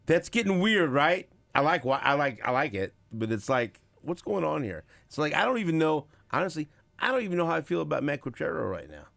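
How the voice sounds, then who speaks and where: A man hosting a sports radio show, talking casually with big swings between loud bursts and quiet asides, acting out what others said. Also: a little high, brisk, gravelly, few pauses, dry recording. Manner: animated, swings loud and quiet, acts out quotes. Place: radio studio. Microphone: studio microphone.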